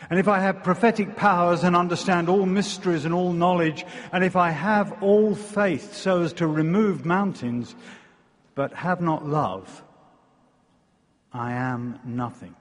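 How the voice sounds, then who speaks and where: A man with an English accent preaching a sermon, wry in his asides and slow and deliberate when he reads scripture. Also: high-pitched, big-room sound. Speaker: visiting preacher. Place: church.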